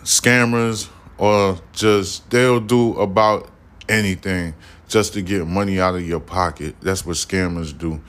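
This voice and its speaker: A man with a low, steady, slightly bright voice speaks a little slowly as he hosts his own solo podcast. He rants heatedly and swears a lot, often turning to address listeners directly and repeating his points to drive them home.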